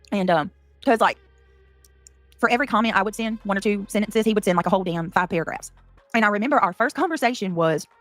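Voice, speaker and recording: A woman's voice: mid-range voice, no room sound. A woman in her thirties chatting casually on a livestream, rambling through a personal story, breaking off to react to chat and cussing freely. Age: 30s.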